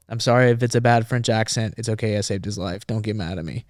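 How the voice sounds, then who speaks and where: A man's voice: medium pitch, fairly even intonation, quick pace, hardly any pauses, no echo, clean studio sound. A man, a former Marine, telling a story casually and animatedly on a podcast, acting out the dialogue.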